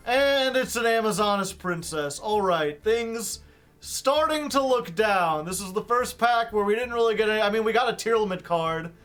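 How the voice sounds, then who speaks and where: A man's voice: very high-pitched, fairly bright tone. A man streaming live, chatting casually with viewers and mumbling wry asides that often trail off.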